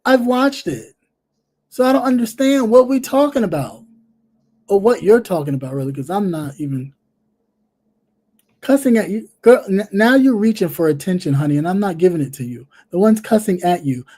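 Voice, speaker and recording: A livestream commentary host talking casually and bluntly to a viewer, repeating phrases and trailing off into soft fillers. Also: mid-range voice, sing-song, fairly quick, slightly rough. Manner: sassy and blunt, addressing a viewer directly. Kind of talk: casual live-stream commentary.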